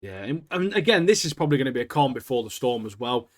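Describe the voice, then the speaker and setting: A man's voice: medium pitch, very animated, quick pace. A young man co-hosting a podcast, chatting casually with slang and enthusiasm. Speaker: podcast co-host. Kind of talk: casual chat.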